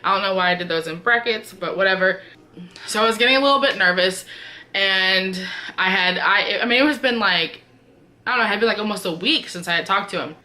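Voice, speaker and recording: A woman's voice: medium pitch, fairly quick, bright, forceful tone. A woman vlogger telling a personal story in a chatty, casual way, full of filler words.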